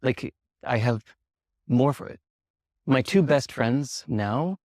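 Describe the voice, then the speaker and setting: A man being interviewed, telling a story in casual talk and acting out the dialogue with lively swings in pitch, laughing now and then. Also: takes it slowly, no room sound, clean studio sound. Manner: animated, acts out quoted dialogue with lively jumps in pitch. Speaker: interview guest.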